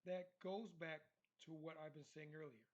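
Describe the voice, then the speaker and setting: A man's voice: on the high side, steady tone, normal speed. A man giving emphatic commentary in a monologue, repeating his points for stress. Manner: emphatic, repetitive. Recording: dull lo-fi recording.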